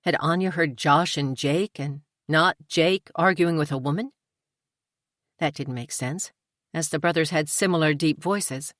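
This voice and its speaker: A woman narrating a cozy mystery audiobook in a measured, even storytelling manner. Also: sits low, no echo, clean studio sound.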